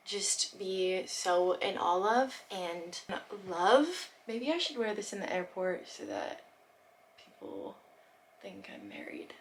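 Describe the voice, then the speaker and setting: A young woman unboxes packages in a casual vlog, gushing over each item with excitable delight. Her pitch sits in an ordinary middle range, and now and then she drops to a soft whisper. Clear background noise and small clicks of packaging run under her voice. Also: rough recording. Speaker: vlogger.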